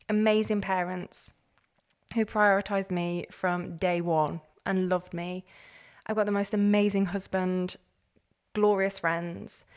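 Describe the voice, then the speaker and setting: A woman, a podcast guest telling her own story in an earnest, animated way. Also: mid-range voice. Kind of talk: candid personal story.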